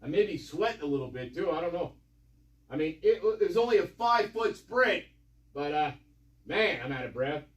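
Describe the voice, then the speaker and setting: A man's voice: high voice, expressive, a little fast, echoey room, far from the mic. A man giving mocking, sarcastic commentary, swearing and rambling with lots of repetition. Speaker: online commentator.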